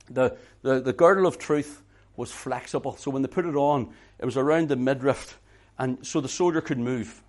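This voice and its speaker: At normal speed and medium pitch, a middle-aged man delivers a sermon that moves from soft, intimate moments to loud, emphatic ones. He repeats words for emphasis.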